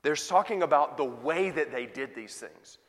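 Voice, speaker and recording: Male preacher, high pitch, impassioned emphatic sermon, echoing hall. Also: lively intonation, normal speed. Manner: emphatic, rising to pleading intensity in quoted voices. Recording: hall reverb.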